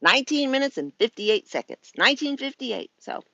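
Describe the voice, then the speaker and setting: A woman's voice: high-pitched, sing-song, brisk, creaky, pushed and bright, highs cut off. A woman talking casually to camera as a vlog host, chatty and emphatic, laughing often. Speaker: vlogger host.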